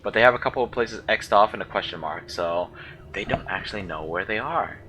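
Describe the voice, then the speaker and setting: Low, bright-toned man musing while gaming. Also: a little fast, slight background noise, rough recording. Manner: thinking aloud, unsure, musing over pronunciations. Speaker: let's play gamer. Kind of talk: casual gameplay commentary.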